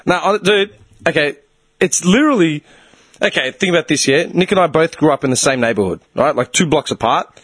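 A young Australian man in casual chat, swearing freely and explaining with quick rhetorical questions. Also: a little high, animated, fairly bright tone, slightly rough, no echo.

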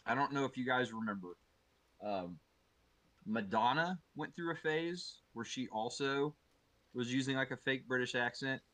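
A man's voice: medium pitch, moderate pace, dry recording, poor audio. A man co-hosting a comedy podcast, chatting casually with swearing and mock outrage. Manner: animated, profane, mock-outraged. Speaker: podcast co-host.

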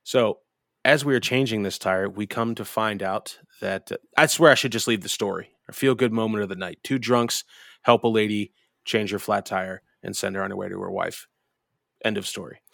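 A man's voice: fairly low pitch, steady tone, moderate pace, gravelly, a bit bright, no echo, clean studio sound. A man co-hosting a podcast, telling a rambling, profane story in casual chat. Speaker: podcast co-host.

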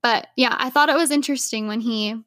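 Chatty young woman with a higher voice. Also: a little fast, a bit bright, no room sound, studio quality. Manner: chatty, lots of "like", laughs easily. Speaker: podcast co-host. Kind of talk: casual chat.

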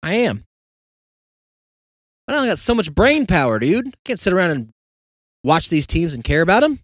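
A man hosting a solo podcast, ranting sarcastically about football, with loud outbursts and muttered asides. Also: high voice, sing-song, moderate pace, no echo. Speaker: podcast host. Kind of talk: solo comedic sports rant.

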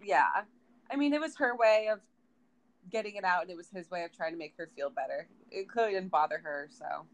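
A woman's voice: fairly low pitch, brisk, rough recording. A woman co-hosting a podcast in casual chat, wry and blunt, swearing now and then. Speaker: podcast co-host.

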